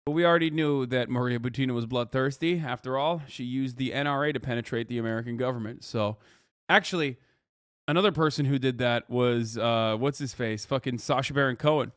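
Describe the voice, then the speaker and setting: Streamer, male, 30s; profane rants, loud bursts then muttering; mid pitch, dead-dry mic. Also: fairly quick, smooth, dry recording. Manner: profane, ranting, swings between loud outbursts and low mutters. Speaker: streamer reacting to a news video. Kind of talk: live reaction commentary.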